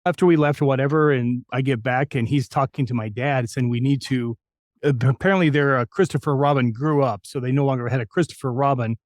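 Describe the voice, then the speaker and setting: A man's voice: medium pitch, brisk, no echo, studio quality. An older man from New Mexico, a voice actor telling career stories in an interview, anecdotal and self-deprecating. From New Mexico, United States. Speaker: voice actor guest. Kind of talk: storytelling interview.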